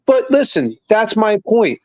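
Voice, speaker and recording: A man co-hosting a laid-back sports and beer podcast, his voice sitting on the higher side for a man. He talks in an animated, emphatic way, peppering it with profanity. The sound is dull and lo-fi, with a dry, close feel. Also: a little slow, no room sound. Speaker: co-host. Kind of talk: casual podcast chat over beers.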